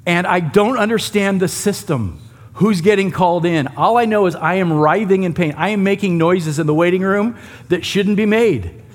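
A pastor with a high voice and normal speed preaches a sermon, teaching a Bible passage conversationally and tossing asides to the congregation.

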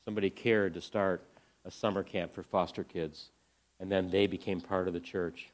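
Man, ministry speaker, earnest storytelling talk, drops quiet then lifts with excitement, lower pitch. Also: moderate pace. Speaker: ministry speaker presenting to a church audience.

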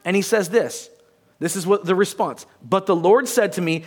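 A man preaching in a church with a notably high-pitched voice. He talks in a loose, conversational way, reads long passages aloud and briefly acts out the people in his stories. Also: normal speed, breathy edge. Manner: conversational, acts out short quotes, many restarts. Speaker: pastor. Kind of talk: sermon.

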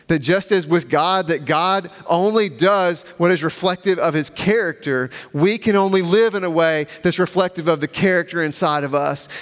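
A pastor delivering a sermon in a slightly higher male voice, emphatic and measured, stretching out key phrases. His words ring with a long reverb from a large church hall. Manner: measured, emphatic preaching with slow repeated refrains.

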